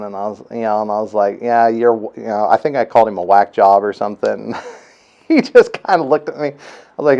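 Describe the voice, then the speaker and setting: A dad telling his own story, smooth voice. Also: on the low side, steady tone, normal speed, mellow, lo-fi sound. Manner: rambling, many fillers, retells others' words. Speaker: father giving a testimonial. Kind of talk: casual personal storytelling.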